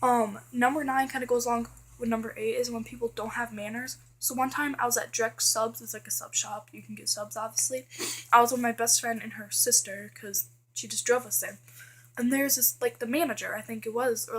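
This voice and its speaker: A woman's voice: fairly high pitch, fairly even intonation, brisk, breathy edge. A teenage girl vlogging casually, chatty and full of fillers, complaining about things that annoy her. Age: teens. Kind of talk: casual list vlog.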